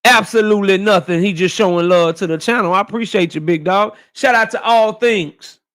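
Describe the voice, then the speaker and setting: A man's voice: sits high, fairly quick, fairly bright tone. A man hosting a live stream, casually greeting chat viewers one by one in slang. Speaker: livestream host.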